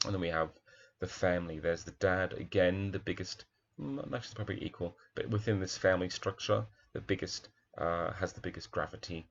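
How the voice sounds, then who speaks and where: A man's voice: sits low, steady tone, brisk, creaky, highs cut off. A male primary teacher talking through a children's picture book, reflective, with many fillers and restarts.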